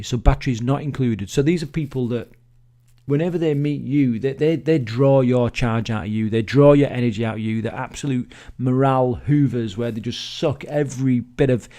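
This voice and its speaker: A man's voice: mid-range voice, dark tone. A middle-aged man giving a casual, chatty business training talk, swearing freely and restarting his sentences often. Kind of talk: motivational teaching talk.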